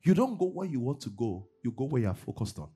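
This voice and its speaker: A man preaching a sermon in church, swinging between loud bursts and low asides. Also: very animated, brisk, husky. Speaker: pastor. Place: church service.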